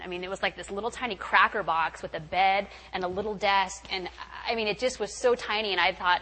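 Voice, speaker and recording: A young woman from California speaks at a church retreat, telling her own faith story. Her voice is bright and forward, and she talks in an animated, candid way with casual fillers. It sounds like a personal testimony given to a live group. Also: mid-range voice, brisk, low-quality recording. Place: retreat meeting hall.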